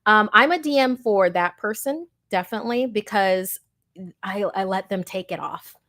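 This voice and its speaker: A woman dungeon master from the USA, talking about her games in an animated, enthusiastic interview chat, often repeating words as she starts a thought. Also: mid-range voice, moderate pace.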